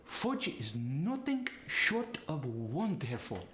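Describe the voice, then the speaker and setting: A measured Polish-accented speaker, as a man puts it on, placing the voice forward and letting phrases tip upward at the end. The sentences come slowly and evenly, with a sharp, bright tone that rings in a roomy space. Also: fairly high pitch, a little hiss or hum, pitched above the performer's own voice, exaggerated voice. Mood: demonstrating. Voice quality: forward-placed resonance, rising inflection. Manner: slow, even, deliberate example sentences. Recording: roomy echo.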